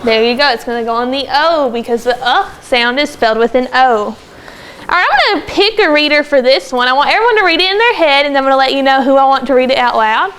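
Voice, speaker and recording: A woman teaching a second grade phonics lesson in a classroom, brisk and encouraging as she calls on pupils by name. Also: high voice, animated, fairly bright tone. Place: classroom with children.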